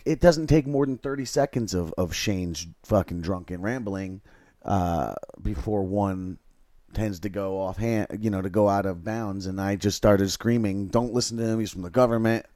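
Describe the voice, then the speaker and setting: A man hosting a livestream, telling a long, halting, rambling story with crude swearing. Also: fairly low pitch, darkish tone, no echo, clean studio sound. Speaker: livestream host.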